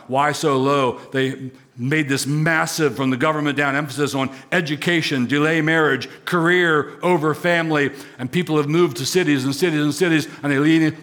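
A man's voice: medium pitch, fairly bright tone. A man preaching a sermon as pastor, emphatic, with rising, swelling repetition.

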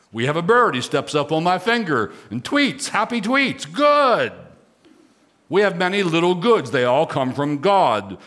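A man's voice: a little high, fairly bright tone. A male pastor preaching a sermon, emphatic, repeating key phrases and rising sharply on exclamations.

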